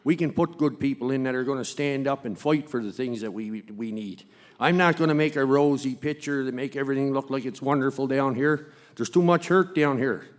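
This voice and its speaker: A man's voice: mid-range voice, fairly quick. A man from Cape Breton running for mayor speaks with earnest, impassioned conviction. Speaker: mayoral candidate. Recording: long reverb in a convention hall.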